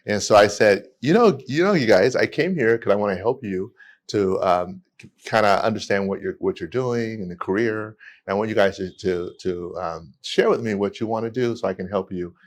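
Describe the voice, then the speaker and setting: A man, a podcast guest telling stories in a lively way with many restarts. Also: fairly low pitch, a little fast. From United States. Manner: animated storytelling with many restarts. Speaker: guest, immigration attorney. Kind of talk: casual podcast conversation.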